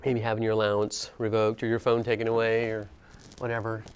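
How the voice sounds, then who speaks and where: A man's voice: lowish voice, monotone, brisk, slight background noise. A man teaching a history class, talking conversationally and asking students questions as he goes. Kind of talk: classroom lecture.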